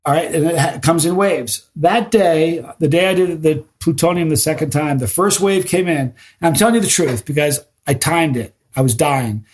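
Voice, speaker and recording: A man telling animated stories as a podcast guest, casual and full of restarts. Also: fairly high pitch, moderate pace, hardly any pauses. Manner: animated storyteller with frequent restarts. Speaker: guest, spicy food challenge creator.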